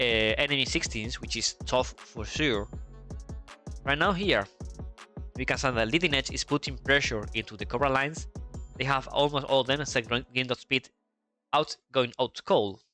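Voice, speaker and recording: A Spanish esports commentator with a Spanish accent casually calls a flight-sim match, chatty and thinking aloud, restarting himself and tossing asides to chat. His mid-range voice is bright and forceful at a moderate pace over soft background music.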